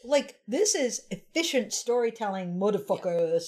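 An American woman co-hosting a podcast, chatting casually while tipsy after wine, laughing loudly and swearing playfully. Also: medium pitch, sing-song, moderate pace. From United States. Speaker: podcast co-host.

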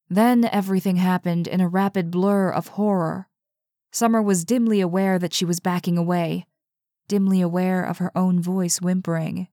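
A woman narrating a suspenseful story in a steady, measured way. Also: on the low side, no room sound, clean studio sound. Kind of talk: audiobook narration.

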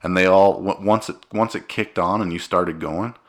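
A deep-voiced man in his thirties, from Utah, co-hosting a casual podcast. He talks earnestly and with feeling, rambling and restarting as he goes. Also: moderate pace. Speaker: podcast co-host.

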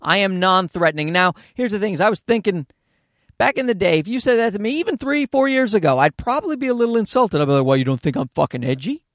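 A man riffing through a casual comedic podcast monologue, swearing freely and wandering off on tangents. His voice sits high and leaps around in pitch. The sound is dry and close, with no room around it. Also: quick pace, dry recording. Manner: profane, rambling, animated with tangents. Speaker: podcast host.

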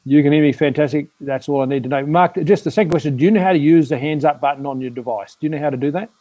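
A man's voice: fairly high pitch, rapid-fire, warm tone, no room sound, muffled recording. A man hosting a webinar, talking in a rambling way with many "uh" and "um" fillers. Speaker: host. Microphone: video call.

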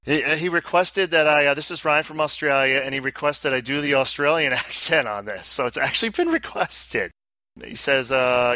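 A man's voice: on the high side, lively intonation, normal speed, sharp tone, no echo. A man co-hosting a casual pinball podcast, joking and laughing a lot as he goes through the mail. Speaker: podcast co-host. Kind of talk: casual chat.

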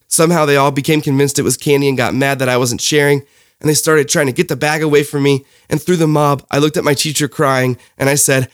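A man's voice: mid-range voice, fast talker, no room sound, studio quality. A man in his thirties delivering a sarcastic, ranting comic monologue as host. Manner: sarcastic, ranting, deadpan asides. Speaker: comedy show host.

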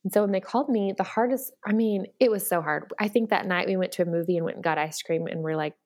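A woman's voice: medium pitch, fast talker, a little mellow. A woman speaking earnestly and candidly as a guest, with many fillers and restarts. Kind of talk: personal storytelling in conversation.

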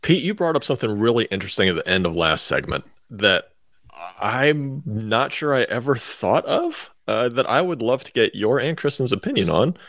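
A man's voice: mid-range voice, fairly bright tone, no echo. A man co-hosting a talk show, making dry quips and hesitating over his words. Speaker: podcast co-host. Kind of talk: casual chat.

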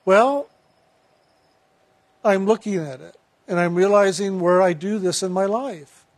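A man's voice: sits high, a little slow, dry recording. A man voicing his former boss, a demanding business owner who is proud and frustrated, speaking in blunt, exasperated questions.

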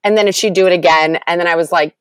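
A woman talking in a casual chat as a podcast guest, animated and laughing as she rants. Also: on the low side, quick pace, clear, resonant tone, no room sound.

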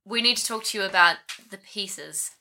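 A woman's voice: medium pitch, normal speed, creaky, pushed and bright, poor audio. A woman playing a tabletop game, speaking plainly and to the point. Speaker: player.

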